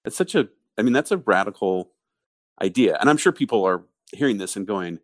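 Male podcast co-host, very low voice, dry close sound, explains through stories. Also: expressive, a little fast, no room sound. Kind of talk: casual business discussion.

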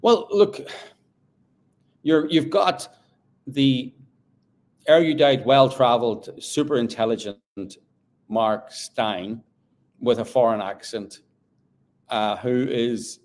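A man, a journalist guest on a remote call, talking through a trial in an animated, halting way full of fillers and restarts. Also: medium pitch. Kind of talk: casual discussion.

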